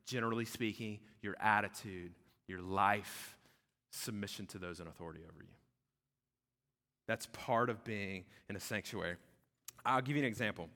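Bright-voiced pastor preaching in an echoey hall. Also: male voice, on the low side, moderate pace, pauses often. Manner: conversational, animated storytelling with frequent "right?". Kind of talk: sermon. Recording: echoey hall with long reverb.

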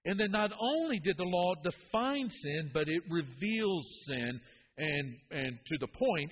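A man's voice: on the high side, big pitch swings, a little slow, in a large hall, muffled recording, slight background noise. A man preaching a sermon, earnest, often repeating words as he builds to a point.

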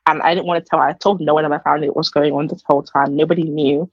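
Husky young woman, chatty. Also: deep voice, fairly even intonation, racing, no echo, dull audio. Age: young adult. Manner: earnest, chatty, many fillers. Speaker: podcast guest. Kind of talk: casual personal testimony.

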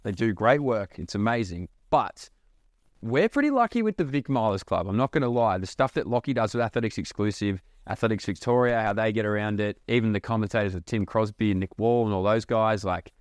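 A man's voice: on the low side, a little fast, dry recording. Young aussie guy rambling on his podcast, swears a lot, dry close sound. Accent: Australian. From Australia. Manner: animated, swears freely, lots of fillers. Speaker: podcast host. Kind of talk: casual rambling podcast monologue.

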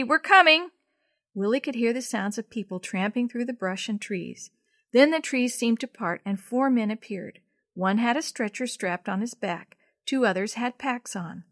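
A woman telling a chapter story aloud to children, gentle and expressive. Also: mid-range voice, no echo, clean studio sound.

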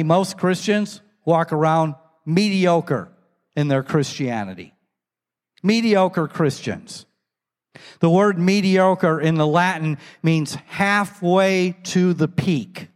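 A man pastor preaching a sermon in a storytelling manner, acting out the voices of the people in the story. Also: a little high. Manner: storytelling, acts out quoted voices. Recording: echoey hall.

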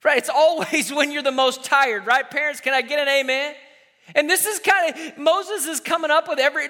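With a very high, bright, forceful voice at a moderate pace, a pastor in his thirties preaches his sermon. He exhorts the listeners, draws call-and-response, and acts out quoted voices from his stories, all echoing through a reverberant hall.

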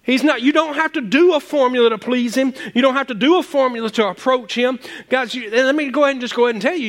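Animated pastor preaching. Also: male voice. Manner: animated, rising to high excited peaks; casual and joking with the congregation. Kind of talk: sermon.

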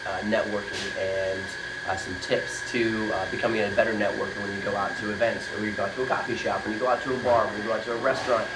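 Man, podcast host, upbeat, rambling, lower voice, loud coffee shop noise. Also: flat delivery, quick pace, few pauses, roomy sound. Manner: upbeat, rambling with many fillers. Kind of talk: casual podcast conversation. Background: coffee shop chatter.

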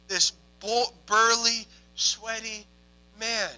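A young adult man, a minister telling testimony stories in an excitable way, moving from hushed tones to loud exclamations. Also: sits high, unhurried, poor audio. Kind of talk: testimony storytelling.

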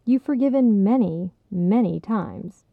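A woman reading a story gives a kindly, impish old man sage a gentle, patient voice, heard over a tinny phone-like sound. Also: mid-range voice, animated, a little slow, creaky, no room sound.

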